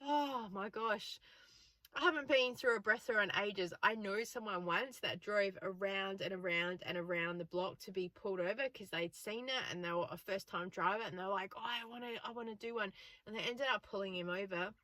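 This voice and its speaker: A woman's voice: mid-range voice, fairly quick, few pauses, sharp tone, dry recording. An Australian woman in her forties, a chatty vlogger telling stories and laughing often. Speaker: frugal living vlogger. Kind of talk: casual vlog chat.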